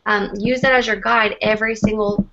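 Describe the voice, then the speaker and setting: A woman's voice: mid-range voice, fairly even intonation, normal speed, gravelly, background noise. A woman talking casually to a group, as team leader on a call. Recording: muffled lo-fi call audio.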